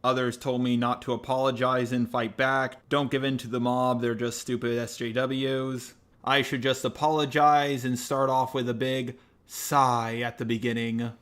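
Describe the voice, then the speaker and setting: Man, commentator, unscripted response video; earnest, measured delivery. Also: medium pitch, little pitch movement, a bit bright, clean tone. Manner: earnest, measured, explaining himself. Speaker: YouTube commentator.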